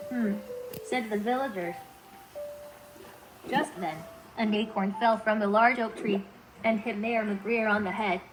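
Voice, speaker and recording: A robot companion's synthetic woman's voice reads children's stories in a clear, even and friendly way. It sits a little higher than usual. Guitar music plays steadily underneath. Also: rough recording. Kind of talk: children's story narration.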